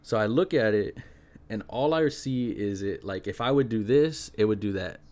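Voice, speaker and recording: Young guy on his podcast telling a creepy story, kinda low voice, animated, says "like" a lot. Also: moderate pace. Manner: animated, fillers like "like" and "yo". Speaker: podcast host. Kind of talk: casual spooky storytelling.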